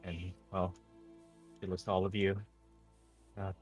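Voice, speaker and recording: A man running a tabletop game as game master, narrating in a relaxed, halting way with fillers. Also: sits low, slightly rough, soft background music, rough recording.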